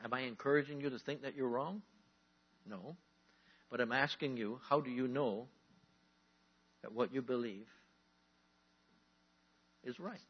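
A man preaching a sermon as a pastor, emphatic, drawing out key words and rising into animated bursts. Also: medium pitch, unhurried, long pauses, breathy edge. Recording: dull lo-fi recording.

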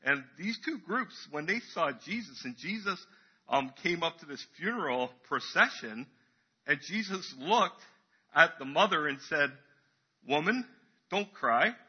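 A man's voice: fairly high pitch, animated, normal speed, husky, dull audio. A man preaching a casual, chatty sermon in church, acting out crowd voices as he tells the story.

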